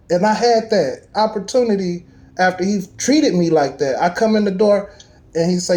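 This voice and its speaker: A man in casual chat, telling a personal story with animated emphasis and street slang. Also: sits high, moderate pace.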